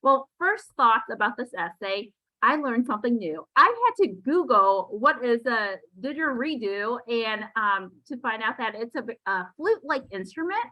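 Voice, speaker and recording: An American woman reads a student essay aloud for an online webinar, lively and with small stumbles. Her voice sits a little high and sounds bright, with a dry close sound. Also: normal speed, dry recording, low-quality recording. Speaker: admission officer presenter.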